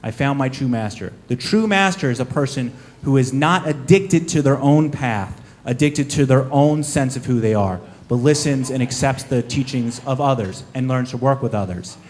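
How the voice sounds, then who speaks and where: A man on a conference panel telling a parable in a lively storytelling manner. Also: mid-range voice, moderate pace, few pauses.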